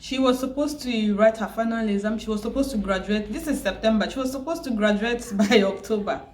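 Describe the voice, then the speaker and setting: A tearful, grieving woman who keeps repeating herself and pausing, vlogging about her loss. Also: on the high side, a little mellow, reverberant. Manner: grieving, repetitive, pausing often. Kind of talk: emotional personal vlog.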